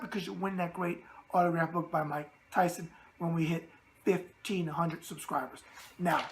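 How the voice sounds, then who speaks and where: Raspy brash New York man. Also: high-pitched, fairly bright tone. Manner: brash, catchphrase-heavy, streetwise. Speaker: boxing show host. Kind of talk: casual boxing mailbag talk.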